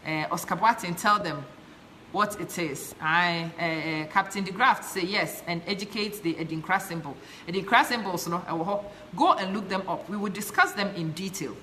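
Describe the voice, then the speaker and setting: With a sharp, lowish voice at normal speed, a Ghanaian-accented woman from Ghana runs a live stream, chatting passionately and reading viewer comments in English and Twi. Slight background noise is present.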